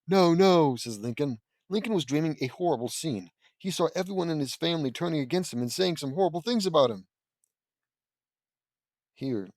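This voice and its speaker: A man's voice: on the high side, expressive, a little fast, a little mellow, dry recording. A man casually reading a fan story aloud, breaking off into rambling, self-correcting asides. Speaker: audiobook reader and commentator. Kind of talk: casual read-aloud with commentary.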